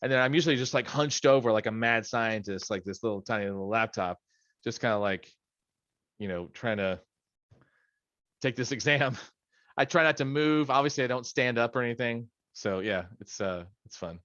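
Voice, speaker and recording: A man's voice: mid-range voice, moderate pace, fairly bright tone, no room sound, lo-fi sound. A middle-aged man leading a study session on a video call from his home office, in a casual, rambling way with joking asides. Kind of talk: casual training talk.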